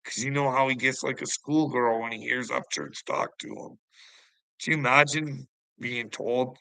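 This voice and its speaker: A man's voice: mid-range voice, animated, normal speed, vocal fry, sharp tone, no echo, poor audio. A man delivering a profane, confrontational vlog rant, taunting the people he addresses. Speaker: online commentator. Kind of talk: ranting vlog monologue.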